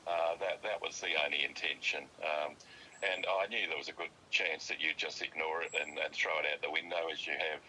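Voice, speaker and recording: An older man, the host's father, arguing with his son in a halting yet insistent way, full of fillers. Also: a bass voice, fairly even intonation, pushed and bright, slight background noise, rough recording. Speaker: father of the host. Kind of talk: heated family argument.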